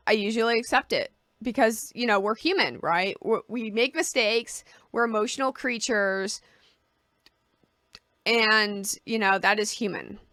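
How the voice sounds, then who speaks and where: A woman's voice: a little high, pushed and bright, dry recording, studio quality. A woman vlogger talking casually to camera, giving personal advice and explaining with homely analogies.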